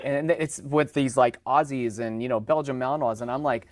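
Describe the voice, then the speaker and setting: A man's voice: medium pitch, a little fast, few pauses, no echo, clean studio sound. A man speaking as a dog trainer guest in a casual podcast conversation, chatty, acting out owners and dogs in raised voices.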